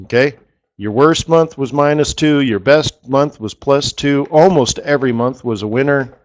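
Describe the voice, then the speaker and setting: A man's voice: mid-range voice, normal speed, highs cut off. A middle-aged man hosting a live forex strategy session, rambling and repeating words for emphasis. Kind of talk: live trading webinar talk.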